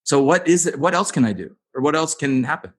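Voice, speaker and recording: A man's voice: on the high side, animated, brisk. A man hosting a podcast interview, talking earnestly and thinking aloud as he asks his questions. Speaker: podcast host. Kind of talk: casual interview chat.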